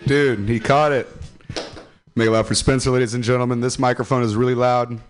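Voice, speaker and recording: Man warming up a comedy crowd. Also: mid-range voice, little pitch movement, fairly quick, faint music behind. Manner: chatty, checking the crowd and the mic. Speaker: stand-up comedian.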